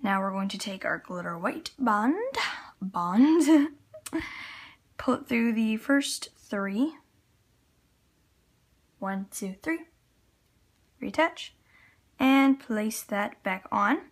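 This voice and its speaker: Her voice runs a little high and slightly rough, expressive, with drawn-out words and frequent pauses. She's a Canadian woman hosting a loom tutorial, casually chatting and laughing softly while guiding viewers through each step with her hands busy. A camera on a tripod at the table picks her up.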